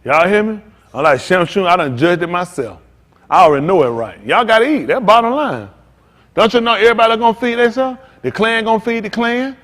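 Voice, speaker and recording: A man preaches with fervent, repetitive insistence, hammering home his lines in loose everyday speech. His voice sits fairly high for a man. The sound hangs in a long, echoing hall. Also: lively intonation, brisk, fairly bright tone. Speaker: pastor. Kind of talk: sermon.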